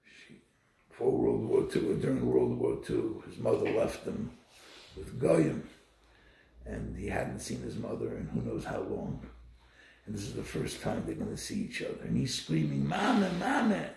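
Man, Torah lesson, emphatic storytelling, lively swooping pitch, rough gravelly voice. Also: normal speed. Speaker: Torah teacher. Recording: echoey room.

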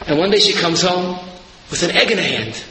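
A man preaching a sermon, telling stories with animation and rising to shouted emphasis. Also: high voice, animated, a little fast, slight background noise. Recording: echoey hall.

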